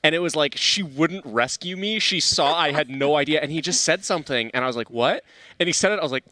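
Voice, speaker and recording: A man's voice: on the high side, quick pace, pushed and bright, no room sound. A man casting a game stream, chatting and joking, stumbling over his words when flustered. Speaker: stream co-caster. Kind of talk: casual stream co-commentary chat.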